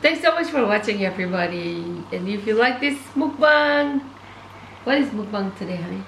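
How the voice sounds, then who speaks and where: A woman co-hosting a food-eating video, soft-spoken in chat and upbeat when she signs off to viewers. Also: mid-range voice, lively intonation, moderate pace. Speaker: mukbang channel co-host. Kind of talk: casual chat while eating. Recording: echoey room with faint noise.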